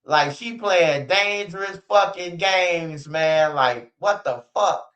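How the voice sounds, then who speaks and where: A man's voice: sits high, takes it slowly, fairly bright tone, rough recording. A man ranting bluntly in casual street slang, repeating himself and swearing often. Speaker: streamer.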